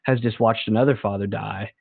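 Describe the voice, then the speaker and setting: A man's voice: lowish voice, fairly even intonation, a little fast, creaky, slightly rough, dry recording. Lo-fi young man rambling about movies. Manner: rambling, enthusiastic, acts out movie scenes. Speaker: podcast co-host. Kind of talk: casual chat. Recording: dry, phone-like lo-fi sound.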